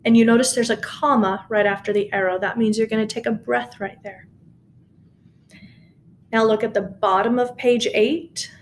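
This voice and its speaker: A woman's voice: a little high, steady tone, moderate pace, a little hiss or hum. A woman teaching a recorded choir lesson at home by her piano, patient and encouraging as she talks students through the score. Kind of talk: recorded music lesson, speaking and singing along. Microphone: camera mic.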